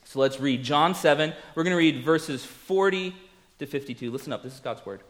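Animated man preaching a sermon. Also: on the high side, brisk. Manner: conversational, animated storytelling with acted quotes.

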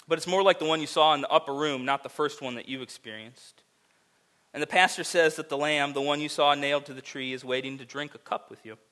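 A man preaching a sermon, telling a vivid second-person story that rises to loud, emphatic peaks. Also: mid-range voice. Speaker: pastor.

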